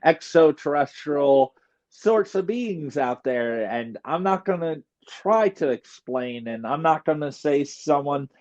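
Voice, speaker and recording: A man's voice: a little high, animated, takes it slowly, darkish tone, muffled recording. A man hosting a conversation, explaining his beliefs in an earnest way over a video call. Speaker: host. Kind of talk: casual chat.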